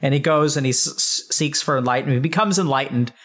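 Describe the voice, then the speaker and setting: A man with a medium-pitched voice talks fast while hosting an interview. He tells a story casually and animatedly, acting out the voices and swearing freely.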